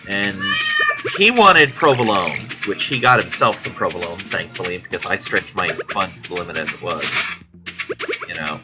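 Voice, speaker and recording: A man's voice: lowish voice, poor audio. Rambling man telling a story over music. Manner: profane, chatty, self-deprecating. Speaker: vlogger.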